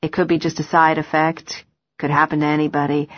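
A man's voice: on the high side, monotone, brisk, dry recording, highs cut off, close to an everyday voice. A woman reading an audiobook voices a tall, gaunt man who speaks earnestly and apologetically. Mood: remorseful. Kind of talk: audiobook character voice.

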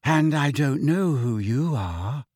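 A man reading a story aloud, voicing a strange, dreamy teenage girl who speaks slowly in a drifting, sing-song way. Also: medium pitch, expressive, a little mellow, slightly rough, dry recording, studio quality. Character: dreamy, odd teenage girl, serene and distant.

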